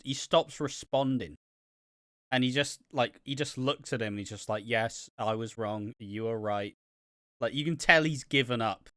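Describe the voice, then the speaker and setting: A man's voice: mid-range voice, a bit bright, no echo, studio quality. A man co-hosting a casual podcast chat, sarcastic and profane, with mock enthusiasm. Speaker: podcast co-host. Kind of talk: casual chat reviewing wrestling.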